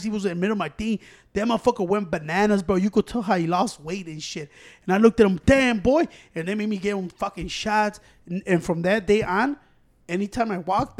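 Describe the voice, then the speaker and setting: A man telling a story in casual chat, profane and animated, with slangy asides. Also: high voice.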